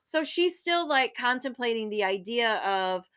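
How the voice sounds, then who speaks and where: Bright-voiced woman recapping a romance novel. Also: on the high side, expressive, measured pace, few pauses, clear, resonant tone. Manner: recaps the plot, acting out lines with casual swearing. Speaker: book discussion co-host. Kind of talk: casual book chat.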